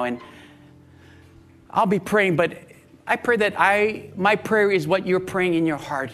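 A pastor with a notably high male voice leads his church in prayer, earnest and pleading, repeating phrases for emphasis. Soft music plays faintly underneath. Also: a little slow, pauses often. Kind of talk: sermon and altar-call prayer.

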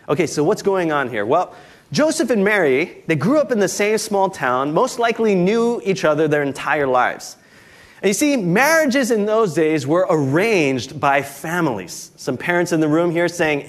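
A man's voice: on the high side, big pitch swings, moderate pace. A male pastor delivering a sermon in a conversational, storytelling way, with folksy jokes as a dad.

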